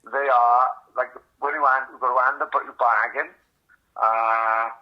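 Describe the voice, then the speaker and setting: A man's voice: mid-range voice, fairly even intonation, a little slow, lo-fi sound. A man in his forties, a podcast host, rambling through a story in casual chat and swearing constantly. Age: 40s.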